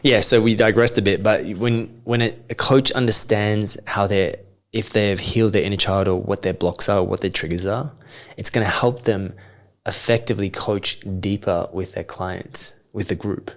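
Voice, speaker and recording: Man, low voice, coach, probing questions, calm explaining. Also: moderate pace. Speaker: coach, podcast guest. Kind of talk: reflective coaching conversation.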